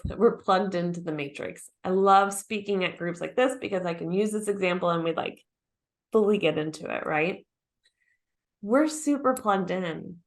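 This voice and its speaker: A woman speaking into a stage mic at a conference, with an easy, chatty delivery. She turns to the audience with direct questions and checks in with a quick "right?". Her pitch sits at an ordinary middle height. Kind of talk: conference talk.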